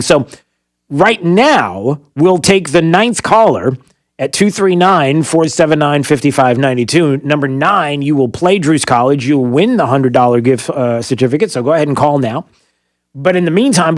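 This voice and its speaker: A man's voice: fairly high pitch, no echo, clean studio sound. Joking morning radio host, a man. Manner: joking, rambling, many fillers and restarts. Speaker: radio talk show host. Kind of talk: casual morning radio chat.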